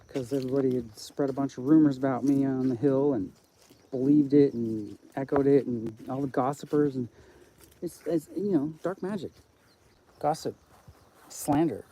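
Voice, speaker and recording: A man's voice: medium pitch, mellow, slightly rough, rough recording. A man talking on a live stream in a rambling, profane monologue that jumps from topic to topic.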